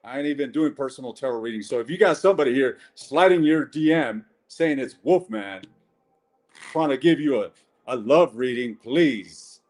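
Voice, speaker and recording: A man's voice: mid-range voice, expressive, moderate pace, a little mellow. A man giving a casual live-stream tarot reading, blunt and chatty, swearing and calling viewers ladies and gents.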